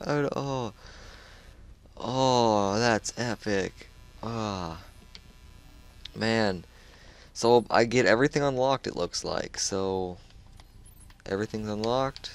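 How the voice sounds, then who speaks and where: A man's voice: fairly low pitch, drawn-out words, pauses often. A man chatting casually over his own gameplay, laid-back and loose, full of dude and like. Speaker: gamer sharing a match.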